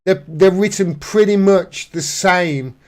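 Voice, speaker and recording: A man's voice: sits high, slow, darkish tone. A man in casual commentary, reading out news articles and mocking them sarcastically, laughing as he goes. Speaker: political commentator.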